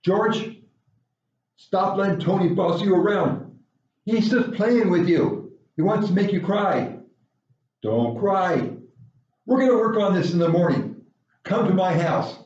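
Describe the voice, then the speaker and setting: A man's voice: high voice, lively intonation, measured pace, pauses often, a little mellow, recorded from a distance, pitched above the performer's own voice. A man putting on a bossy little schoolgirl who barks firm orders in a raised voice. She is small and tough. The sound is echoey and dull, like a lo-fi recording. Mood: urging. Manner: firm and commanding.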